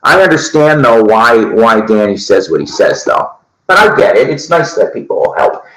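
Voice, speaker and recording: A man's voice: mid-range voice, very animated, moderate pace, fairly bright tone. A man hosting a podcast in casual chat, rambling and swearing casually as he talks. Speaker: podcast host. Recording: echoey room.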